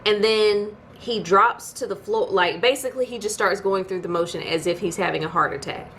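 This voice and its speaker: A woman's voice: medium pitch, moderate pace, a bit bright, slight background noise. A woman giving a casual TV episode recap as a video host, chatty and storytelling, with incredulous asides. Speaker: YouTube TV reviewer.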